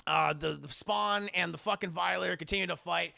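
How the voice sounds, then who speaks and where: A man's voice: sits high, steady tone, fairly quick, vocal fry, sharp tone. A man streaming a casual film recap, talking in a profane, rambling way.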